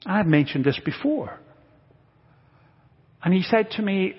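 High-voiced pastor in an echoing sanctuary. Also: male voice, expressive, slow, long pauses, slightly rough. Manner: earnest, builds to emphatic repetition. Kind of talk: sermon. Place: church sanctuary. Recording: dull lo-fi audio with long church reverb.

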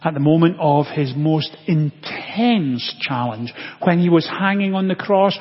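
Male pastor, slightly high voice, unhurried sermon delivery, long church echo. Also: breathy edge. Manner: slow, deliberate preaching with long pauses, dropping to a hush. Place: church sanctuary. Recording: dull lo-fi audio with long church reverb.

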